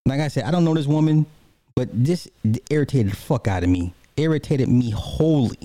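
A man's voice: medium pitch, normal speed, warm tone, no room sound. A man giving a heated, profane reaction commentary in blunt everyday speech.

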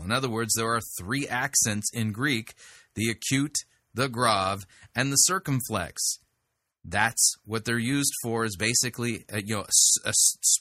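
Male host, emphatic critic, crisp bright tone, dry close recording. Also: mid-range voice, no room sound. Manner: emphatic and indignant, with hesitant restarts. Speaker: podcast host rebutting a preacher. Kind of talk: critical commentary on played clips.

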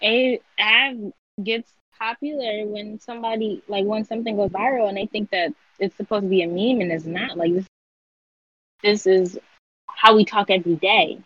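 A young woman in casual group chat, explaining in an earnest, halting way. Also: mid-range voice, steady tone, no echo. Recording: dull lo-fi sound.

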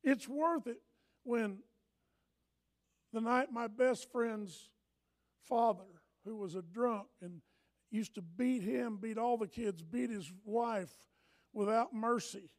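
An older man preaching a sermon as pastor, telling stories and swinging from hushed asides to loud urging. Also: high-pitched, takes it slowly, long pauses.

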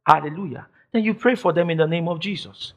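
Emphatic, high-pitched male preacher. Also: fast talker. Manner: emphatic, repeats phrases, shouts declarations; quotes imagined listeners in mock voices. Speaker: pastor. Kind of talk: sermon.

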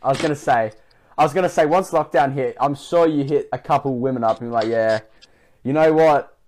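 A man's voice: mid-range voice, quick pace, a little mellow, slight background noise. Joking man hosting a podcast. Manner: joking, teasing banter. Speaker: podcast host. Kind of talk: casual chat.

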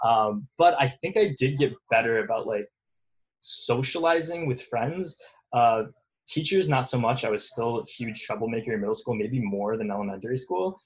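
A young man chatting as an interview guest, meandering through stories with filler words and frequent self-mocking laughs. His voice sits at an ordinary pitch, and the recording sounds a little dull and muffled. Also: lively intonation, normal speed. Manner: rambling, self-deprecating, laughs often. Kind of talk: casual interview chat.

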